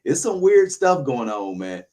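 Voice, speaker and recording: A man's voice: medium pitch, very animated, unhurried, warm tone. Rambling opinionated man chatting casually. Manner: rambling, restarts often, opinionated. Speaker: YouTuber, podcast host.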